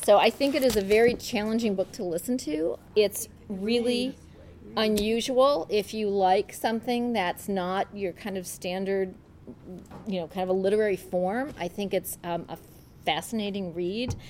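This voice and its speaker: With a mid-range, darkish voice at a moderate pace, a woman leads a casual book club talk and reads a passage aloud. She's hesitant and chatty, stumbling through fillers and restarts.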